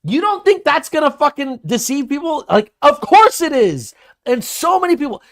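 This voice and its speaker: A man hosting a podcast, talking in an animated, profane way and acting out the voices of people he quotes. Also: extremely high pitch, normal speed. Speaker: podcast host. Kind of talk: casual podcast discussion.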